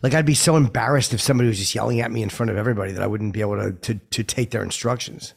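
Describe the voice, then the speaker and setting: A man's voice: fairly low pitch, rapid-fire, vocal fry. A man hosting a casual interview, asking long rambling questions full of restarts. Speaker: podcast host.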